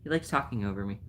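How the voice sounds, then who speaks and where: A woman's voice: a bass voice, a bit bright. A woman vlogging at home, chatting to her camera and teasing and training her dog in a playful, laughing way. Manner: teasing baby-talk to the dog, often laughing. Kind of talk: casual chat while playing with and training a dog. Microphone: handheld camera.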